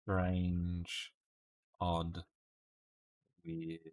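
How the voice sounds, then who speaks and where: A man's voice: low-pitched, completely flat delivery, extremely slow, darkish tone. An Australian man in casual live-stream chat, playfully musing through guesses and laughing often with his viewers. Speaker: streamer solving word puzzles live.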